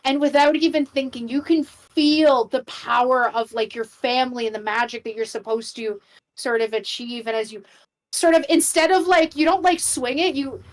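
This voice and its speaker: A woman's voice: sits high, normal speed, rough recording. A woman running a live tabletop game as game master, chatty and full of fillers.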